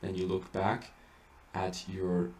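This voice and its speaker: A man with a lowish, gravelly voice explains chant rules in a halting, filler-heavy way. He sounds a bit distant from the mic in an echoey room with faint noise behind him. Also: completely flat delivery, a little mellow. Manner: halting explanations with many fillers and restarts, breaking into sung Latin chant. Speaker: chant teacher. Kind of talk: informal spoken lesson with sung examples.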